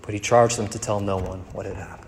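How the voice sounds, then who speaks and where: A man's voice: fairly low pitch, steady tone, fast talker, a little hiss or hum. Man preaching in an echoey hall. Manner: dynamic preaching, dropping to soft tender tones and rising to emphatic peaks. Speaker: pastor. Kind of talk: sermon. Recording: echoey hall with faint ambience.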